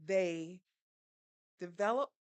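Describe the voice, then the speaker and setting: A woman's voice: fairly low pitch, slow pace, a little mellow, smooth, no room sound. Earnest woman telling a story. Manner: earnest, teaching tone with rhetorical questions. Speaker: podcast guest. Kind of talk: storytelling conversation.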